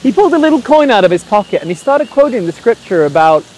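A man, preaching through a personal story in a lively way and acting out the quotes. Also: very high-pitched, quick pace, breathy edge, low-quality recording. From England. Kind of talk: storytelling sermon.

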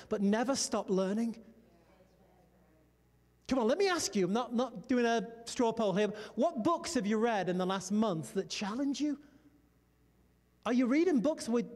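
A male pastor preaching in an animated storytelling style, often calling out to his congregation. His voice sits high for a man. The sound rings with the long reverb of a church hall. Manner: storytelling, animated preaching with "come on" and "amen" calls. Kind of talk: sermon.

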